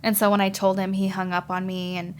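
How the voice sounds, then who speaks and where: A woman guest sharing a personal testimony on a podcast, talking haltingly and repeating words as she recalls events. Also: mid-range voice, little pitch movement.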